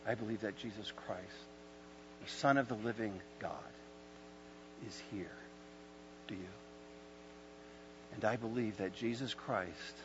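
A man preaching a sermon at an evening church service, moving from calm teaching to loud, impassioned storytelling and hushed moments. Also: mid-range voice. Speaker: pastor. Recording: dull lo-fi sound with faint mains hum.

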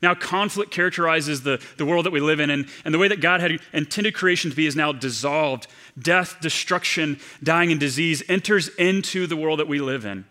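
A man preaching a sermon as a pastor, earnest, slowing down to stress key phrases. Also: a little high, bright, forceful tone.

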